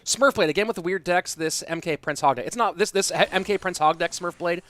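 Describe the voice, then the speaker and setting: Slightly high-voiced male esports caster. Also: fairly quick, a bit bright. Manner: loose and conversational, thinking aloud. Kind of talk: casual stream chat reading viewer questions.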